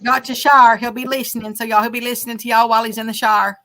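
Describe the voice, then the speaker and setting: A woman's voice: a little high, level tone, very fast, a bit bright, a little hiss or hum. A woman hosting a fishing livestream, chatting casually and teasing while reading viewer comments aloud. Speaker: livestream host reading chat. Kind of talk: casual chat.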